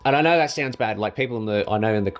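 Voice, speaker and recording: A man with an Australian accent telling a personal story in a casual, animated way, acting out the dialogue and laughing at his own jokes. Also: rapid-fire, faint music behind. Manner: animated, acts out dialogue with jumps in pitch.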